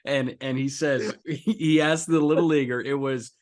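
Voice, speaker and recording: A man co-hosting a baseball podcast, recapping games with enthusiasm and quick stat-heavy talk. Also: medium pitch, fairly even intonation, a little mellow. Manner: enthusiastic, recaps game stats in a brisk flow. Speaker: podcast co-host. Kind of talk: casual sports podcast chat.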